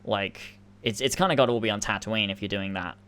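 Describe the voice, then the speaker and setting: A man chatting on a casual podcast in a lowish voice. He rambles, restarts his sentences and fills gaps with likes and ums, often laughing as he explains. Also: fast talker, fairly bright tone, clean tone. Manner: rambling, lots of fillers and restarts. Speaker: podcast co-host. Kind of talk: casual chat.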